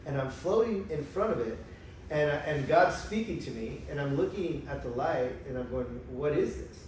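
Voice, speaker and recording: A man telling a personal story in a casual conversation, animated and emotional, acting out the voices of others. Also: fairly high pitch, moderate pace. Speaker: guest telling his spiritual experiences. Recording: echoey room, far from mic, faint noise.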